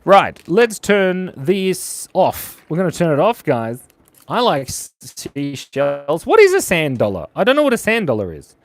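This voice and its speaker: A man's voice: fairly high pitch, unhurried, dry recording. An Australian man hosting a live drawing stream, chatting playfully and reacting to viewer chat as he draws. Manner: playful, animated, reads viewer chat aloud.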